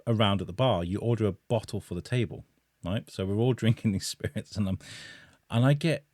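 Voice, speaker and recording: A man's voice: on the low side, no echo, studio quality. A man, a podcast guest, tells a funny personal story with bursts of laughter. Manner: animated, laughing while telling a story.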